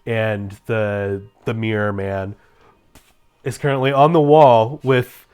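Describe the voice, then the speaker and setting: A relaxed game master narrates a tabletop game in an easy, mid-pitched voice. The talk is loose, full of small fillers and quick laughs. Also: smooth. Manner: relaxed, laughs often, sprinkles in "uh" and "um".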